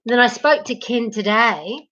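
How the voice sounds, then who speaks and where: Speaking at a measured pace, a livestream host chats informally with her viewers while moving around her home, aiming her words straight at them through a laptop mic. Her fairly high voice is expressive with a sharp edge. The recording is muffled, with slight background noise.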